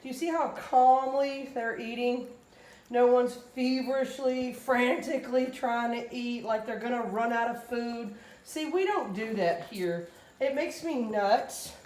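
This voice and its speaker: A woman's voice: a little slow, darkish tone, echoey room. A woman, a dog breeder chatting casually in a home vlog as she feeds and trains her puppies. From US Gulf Coast. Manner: chatty, switches to high baby talk for the puppies.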